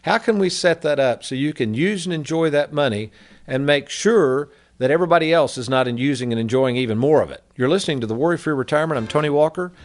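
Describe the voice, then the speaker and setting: A man's voice: on the high side, lively intonation, fast. A man hosting a radio talk show on finances, giving a folksy, persuasive monologue with stories.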